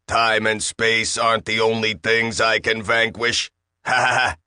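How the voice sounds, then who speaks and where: Bossy, sarcastic machine with a slight accent, voiced by a man; lowish, dry delivery. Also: little pitch movement, unhurried, pushed and bright, clear, resonant tone, no echo. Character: bullying, smarmy talking disruptor machine.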